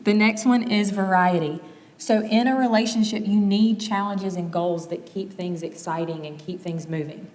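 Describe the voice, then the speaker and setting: A woman's voice: medium pitch, normal speed. Candid woman teaching in a reverberant hall. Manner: candid, animated, acts out quoted exchanges. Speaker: speaker teaching on marriage. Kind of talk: conversational teaching talk. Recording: long reverb of a large hall.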